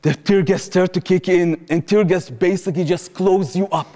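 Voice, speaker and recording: A young adult man from Israel with an Israeli accent, telling a personal story to an audience in an animated way, acting out what people said, in non-native English. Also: high voice, normal speed. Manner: animated, acts out quoted speech, non-native phrasing. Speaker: former soldier giving testimony. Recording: reverberant hall, live talk.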